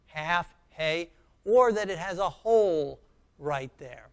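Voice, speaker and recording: A man teaching a beginner Hebrew lesson, speaking slowly and patiently and repeating each sound and word for learners. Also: on the high side, animated, smooth.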